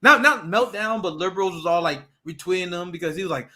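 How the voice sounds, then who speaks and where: Young male podcast host, high bright voice, swearing and mocking in loose banter. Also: fast. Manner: profane, ranting, mocking impressions. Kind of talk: casual chat.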